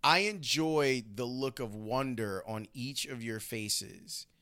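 A man's voice: medium pitch, slow, sharp tone, smooth. A man interviewing his mother, teasing her with affection as the host. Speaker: radio host, son of the guest. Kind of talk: casual family interview.

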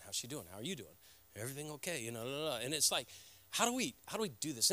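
Middle-aged pastor guy preaching, earnest n halting, bright punchy voice, kinda high, dry sound. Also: dry recording. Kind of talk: sermon.

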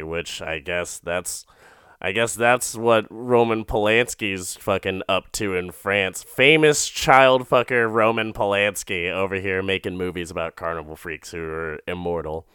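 A young man casually recapping an episode, rambling and profane, slipping into quick character voices and laughing at his own jokes. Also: sits low, steady tone, fairly bright tone, clean tone, dry recording, clean studio sound.

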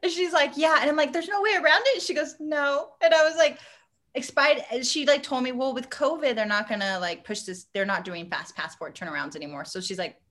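A woman in her thirties co-hosting a casual chat, an animated storyteller who laughs often and acts out quotes with big jumps in pitch. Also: brisk. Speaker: podcast co-host.

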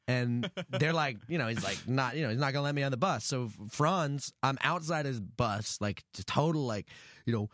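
A man telling a story in a podcast chat, swearing freely and getting worked up. His voice sits at a middling pitch. The sound is dry and close, with no room echo. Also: normal speed. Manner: animated, profane storytelling. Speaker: podcast guest. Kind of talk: casual storytelling.

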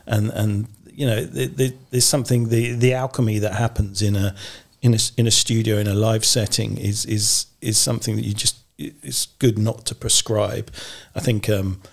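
This is a low-pitched man with a gravelly, creaky voice. He chats casually as the guest in an interview. He rambles, restarts his sentences and laughs often. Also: level tone, moderate pace, hardly any pauses. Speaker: guest orchestrator.

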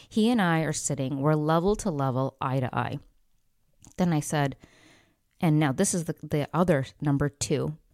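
A woman hosting a podcast, telling a story from work and giving calm advice, at times dropping her voice almost to a whisper. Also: deep voice, no echo, studio quality. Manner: calm, measured, drops to a near whisper for quoted lines. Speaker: podcast host.

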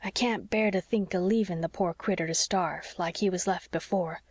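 A frail old sea captain, gentle and wistful, talking softly and slowly to a friend, as a woman reads him in a storybook. The voice sits low and is recorded close and dry, with no room sound. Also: fairly even intonation, no room sound, natural voice. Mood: tender.

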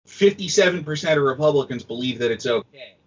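A man, a film critic guesting on a podcast, talking in animated, sweary casual chat and mocking others in quoted voices. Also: mid-range voice, fast talker, husky. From United States. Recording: dull lo-fi audio.

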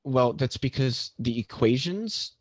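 Debate guest man, mid pitch, dry close sound, halting, restarts often. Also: expressive, no room sound, poor audio. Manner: explaining physics, halting with many restarts. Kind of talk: live online debate.

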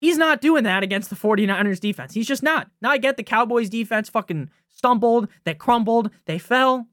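A man's voice: extremely high pitch, expressive, fairly bright tone, no echo, studio quality. Brash profane young male podcaster. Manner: brash, swearing, fast-talking, often asks "right?". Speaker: fantasy football podcast host. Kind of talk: profane casual sports rant.

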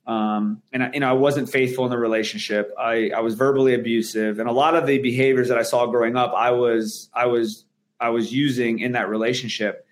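A man's voice: mid-range voice, fairly even intonation, brisk. Male guest; earnest, emphatic talker with frequent restarts. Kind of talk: candid interview conversation.

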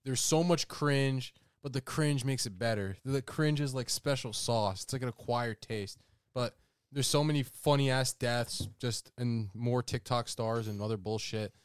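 A man loosely pitching a movie on a podcast, rambling with crude language. His voice sits at a middling pitch, recorded close and dry. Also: unhurried, clear, resonant tone, dry recording. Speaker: podcast co-host. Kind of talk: casual chat.

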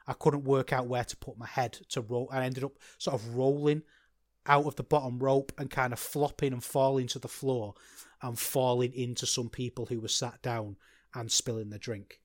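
A man's voice: mid-range voice, flat delivery, normal speed, dry recording, clean studio sound. A man hosting a solo podcast, rambling and self-deprecating, with frequent restarts. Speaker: podcast host.

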